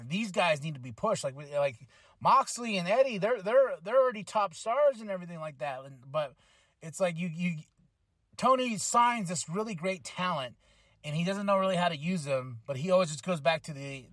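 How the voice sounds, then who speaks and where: A man hosting a podcast, giving a casual, rambling, excitable recap full of fillers. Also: high-pitched, dry recording, studio quality. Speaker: podcast host reviewing wrestling. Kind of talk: casual review chat.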